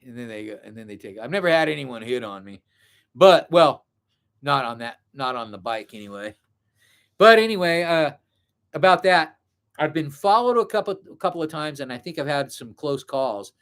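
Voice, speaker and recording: A man's voice: fairly high pitch, fairly bright tone. A middle-aged man telling a story in a rambling, casual way, full of fillers and self-corrections.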